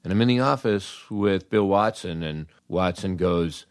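A man's voice: deep voice, unhurried, no room sound, clean studio sound. An older American man telling radio career stories in a wry, sardonic way, acting out the people he quotes. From United States. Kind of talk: casual storytelling monologue.

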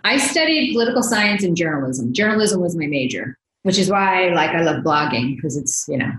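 A woman's voice: lowish voice, very animated, brisk, fairly bright tone, echoey room, rough recording. A woman from New Jersey, a blogger guest on a podcast, chatting casually with lots of fillers and laughs. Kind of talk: casual interview chat.

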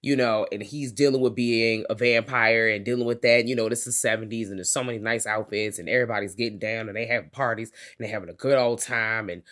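Animated, slangy man in casual movie chat. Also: fairly low pitch, fast talker, few pauses. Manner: animated, slangy and profane, acts out characters' lines. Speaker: podcast co-host.

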